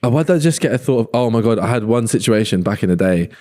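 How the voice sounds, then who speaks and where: A man's voice: on the low side, quick pace. A man in his thirties, a podcast guest joking and telling stories in casual chat. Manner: joking, animated storyteller who laughs often.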